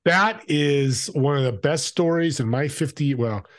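A man's voice: fairly high pitch, a little slow, dry recording, clean studio sound. An older man hosting an interview, enthusiastic and affirming as he chats with his guest. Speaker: host. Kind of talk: casual interview chat.

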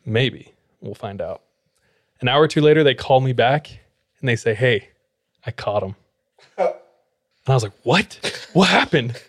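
A man's voice: mid-range voice, normal speed, pauses often, dry recording, studio quality. A man, a podcast co-host, casually telling a story and acting out the lines of the people in it. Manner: animated, acts out quoted dialogue.

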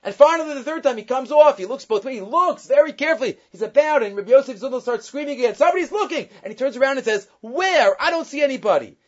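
Man, high voice, Torah class, Hebrew phrases mixed in, muffled lo-fi sound. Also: rapid-fire, hardly any pauses. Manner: mixes Hebrew quotations into English retelling. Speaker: Torah teacher.

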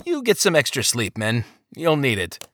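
A man's voice: mid-range voice, wildly swooping pitch, normal speed, fairly bright tone, no echo, pitched above the performer's own voice. A man voicing an easygoing village parson who speaks in a genial, indulgent way. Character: worldly, easygoing male parson.

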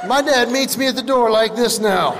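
Stand-up comic, high voice, lively storyteller who acts out other people's lines, live hall sound. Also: male voice, moderate pace, background noise. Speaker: comedian. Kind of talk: stand-up comedy.

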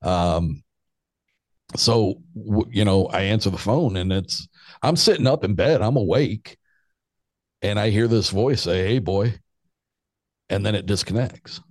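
A man's voice: lowish voice, expressive, a little slow, dry recording, studio quality. A man in his fifties, a podcast guest, telling a rambling story in casual chat and chuckling as he goes.

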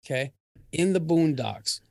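A man's voice: fairly high pitch, lively intonation, unhurried, creaky. A man from Arizona, a guest on a podcast, chats casually and throws himself into a comic story. He plays out his own lines as he tells it. The sound is close and dry, with no room echo. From Arizona, USA.

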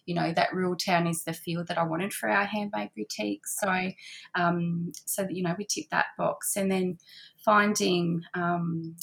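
Woman, gravelly husky voice, lowish pitch, casual interview chat. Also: steady tone, unhurried. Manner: chatty, warm-hearted, many fillers and soft laughs. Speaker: guest, handmade boutique owner. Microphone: remote call.

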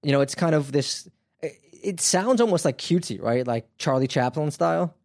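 A man's voice: fairly high pitch, lively intonation, moderate pace, gravelly, a little mellow, no echo, clean studio sound. A man hosting a podcast, telling a crime story in a casual, wry, conversational way with lots of fillers. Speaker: podcast host.

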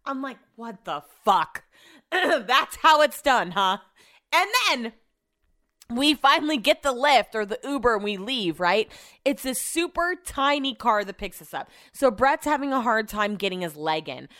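A middle-aged woman hosting a podcast, telling an animated, profane story and acting out what people said, with a throat she keeps clearing. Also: a little high, moderate pace, dry recording, studio quality. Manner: animated, profane, acts out quotes. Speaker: podcast host. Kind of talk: casual storytelling.

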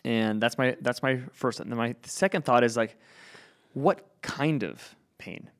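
A man who works as a movement practitioner, explaining in relaxed conversation how he questions clients about pain and acting out what he says to them. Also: medium pitch, measured pace. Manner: animated, acts out client dialogue.

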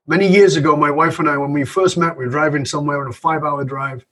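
A man's voice: fairly high pitch, fairly even intonation, quick pace, a bit bright. A man, an author and leadership speaker, telling stories animatedly in conversation and acting out the voices in his anecdotes. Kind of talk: storytelling in conversation.

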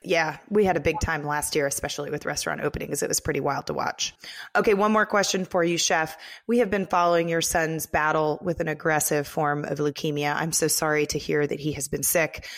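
A woman's voice: low voice, steady tone. A woman interviewing a chef on a podcast, asking friendly questions and reacting to his stories. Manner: friendly questions, quick to laugh along.

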